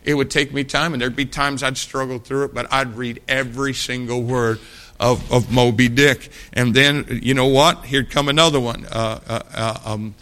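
Bright-voiced folksy man preaching a sermon. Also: mid-range voice, fairly even intonation, normal speed. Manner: folksy storytelling, rhetorical questions.

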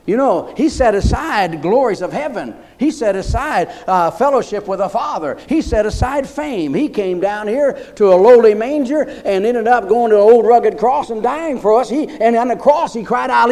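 A male pastor preaching a sermon, repeating phrases emphatically and rising into loud declarations. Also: very high voice, expressive, normal speed, few pauses.

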